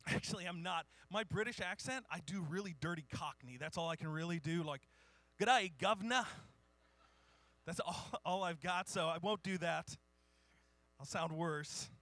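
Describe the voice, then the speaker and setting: Bright high-voiced male pastor. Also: moderate pace, no room sound. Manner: informal, self-deprecating, reads historical quotes. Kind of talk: sermon.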